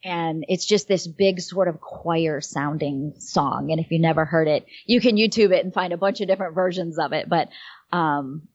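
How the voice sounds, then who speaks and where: A woman's voice: low voice, normal speed, a little mellow, no room sound. A middle-aged woman telling a personal story in casual chat, rambling a little with frequent fillers. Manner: rambling, fills with um and like. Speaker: guest. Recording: dull, slightly lo-fi dry sound.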